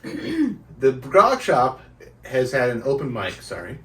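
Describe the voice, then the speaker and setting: A man's voice: mid-range voice, huge pitch swings, a bit bright. A man co-hosting a comedy podcast, joking and teasing his friends in casual chat. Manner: joking, teasing, quick bursts of laughter. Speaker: podcast co-host. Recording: roomy sound, mic at a distance.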